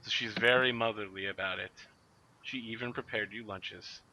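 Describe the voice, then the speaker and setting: Bright-voiced man narrating a tabletop game. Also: fairly low pitch, fairly even intonation. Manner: brisk, playful narration with slips. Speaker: game master. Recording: muffled lo-fi recording.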